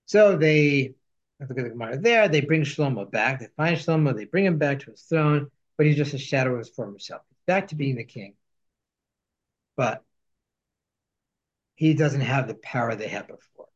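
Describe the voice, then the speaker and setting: A man's voice: medium pitch, expressive, moderate pace, long pauses, highs cut off. A man teaching a class, reading Hebrew and Aramaic quotes aloud and translating each line as he goes. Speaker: Torah teacher. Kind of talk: text study lesson.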